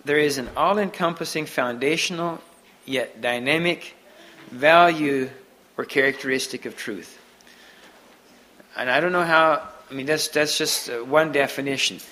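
A man giving an unscripted sermon to a Mennonite congregation, halting often and restarting his sentences. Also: a little high, bright, forceful tone, low-quality recording. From Mennonite community. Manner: halting, many restarts and repeated words. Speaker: preacher.

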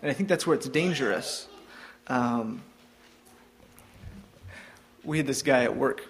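A man's voice: medium pitch, unhurried. A younger man giving an informal devotional talk, hesitant, with frequent ums and restarts.

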